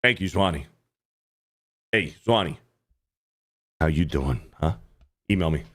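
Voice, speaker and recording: A man's voice: low voice, expressive, slow, a bit bright. A man hosting a livestream, reacting to clips in casual, profane commentary and often repeating himself. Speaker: livestream host.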